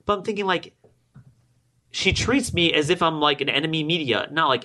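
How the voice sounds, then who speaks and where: A man hosting his own political podcast, talking alone to his listeners, growing emphatic and climbing higher when he gets indignant, and acting out both sides of past conversations. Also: expressive, moderate pace, pushed and bright. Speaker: podcast host. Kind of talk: political commentary monologue.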